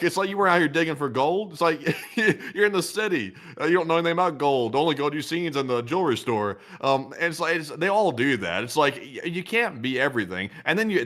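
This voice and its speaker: A young man co-hosting a live political stream. He talks quickly and rambles, restarting sentences and piling up asides. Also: mid-range voice, lively intonation, a bit bright.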